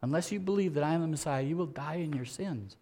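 A man's voice: a little high, quick pace, dark tone. A man preaching a sermon, emphatic and repetitive, asking the congregation rhetorical questions. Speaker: pastor.

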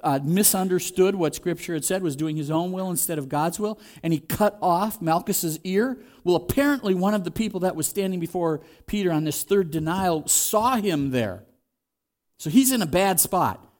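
A man's voice: high-pitched, animated, moderate pace, darkish tone. A man preaching a sermon in a conversational way, acting out the quoted voices as he goes. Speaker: pastor.

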